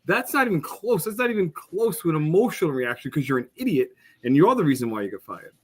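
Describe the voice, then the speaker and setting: A man's voice: on the high side, sing-song, quick pace, slightly rough. A man co-hosting a podcast, ranting with passion, blunt and profane. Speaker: podcast co-host. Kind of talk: casual podcast discussion.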